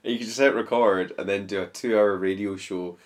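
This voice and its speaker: A man hosting a podcast in a guest's home studio, upbeat and quick to laugh, with many short affirmations. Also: on the low side, fairly even intonation. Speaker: podcast host. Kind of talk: casual interview chat.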